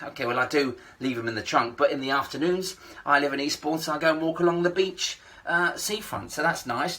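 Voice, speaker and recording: A man's voice: on the high side, a little fast, sharp tone. A man doing a ventriloquist stand-up set online, playing the straight man and chiding his puppet. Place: at home during lockdown.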